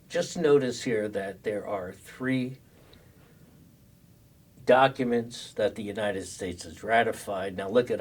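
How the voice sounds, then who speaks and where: A man's voice: fairly low pitch, far from the mic, a little hiss or hum. An older man giving a conversational classroom lecture as a social work professor, full of fillers and restarts.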